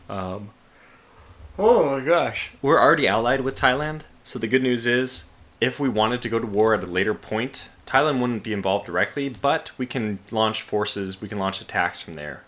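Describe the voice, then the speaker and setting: A man's voice: on the low side, fairly bright tone. A man casually commentating a strategy game he plays, thinking aloud with restarts and sleepy yawns. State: sleepy, yawning. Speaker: let's play host.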